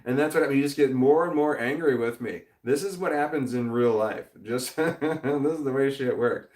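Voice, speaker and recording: A man's voice: mid-range voice, moderate pace, a little mellow. A man hosting a casual livestream, reading chat aloud, rambling, swearing often and laughing a lot. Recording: roomy echo.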